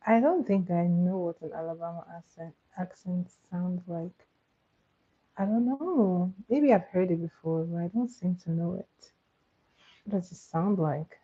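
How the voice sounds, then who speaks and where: A woman's voice: fairly low pitch, a little slow, breathy edge. A woman hosting a casual live stream, chatty and laughing often as she answers viewers' comments. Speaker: livestream host. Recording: tinny phone-like audio.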